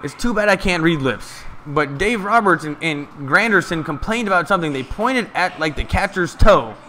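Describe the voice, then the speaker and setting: A man giving casual, excited live play-by-play of a ball game from a stream, chatting to his viewers. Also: sits high, moderate pace, slight background noise.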